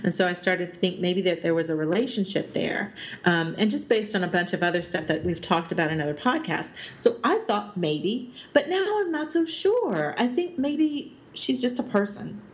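A woman co-hosts a casual podcast chat about a TV series. She thinks aloud as she talks, filling pauses with ums and breaking into small laughs. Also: lowish voice, lively intonation. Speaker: podcast co-host.

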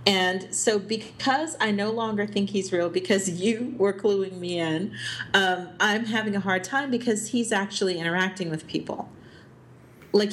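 A woman's voice: mid-range voice, a little hiss or hum. A woman co-hosting a podcast, chatting casually about a TV show, thinking aloud with many ums and little laughs. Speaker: podcast co-host. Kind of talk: casual TV recap chat.

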